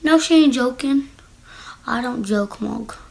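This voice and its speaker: Sassy gravelly-voiced woman vlogger. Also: on the high side, a little slow, a little mellow. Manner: sassy, teasing, slangy asides. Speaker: vlogger reading text stories. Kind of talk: casual reaction commentary.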